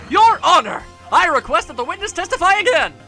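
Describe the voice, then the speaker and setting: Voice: high voice, sing-song, normal speed, faint music behind, voice pushed up, heavily acted. Ein Sprecher spielt einen nervösen jungen Verteidiger in einem Videospiel, der stammelt und laut wird. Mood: flustered. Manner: nervous, stammering, then shouting. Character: flustered young male defense lawyer.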